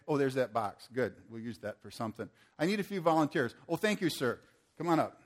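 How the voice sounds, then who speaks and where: A man preaching a sermon, swinging from forceful declarations to playful banter with volunteers he calls on stage. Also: mid-range voice, expressive, fairly quick. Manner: rises to forceful proclamations, then playful and joking with volunteers. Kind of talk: sermon with live audience demonstration.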